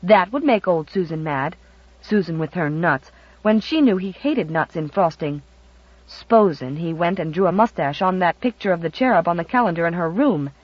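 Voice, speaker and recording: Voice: medium pitch, normal speed, no echo. An audiobook narrator reading a children's classic expressively, recorded dry and a bit muffled. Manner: expressive storytelling. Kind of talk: scripted narration.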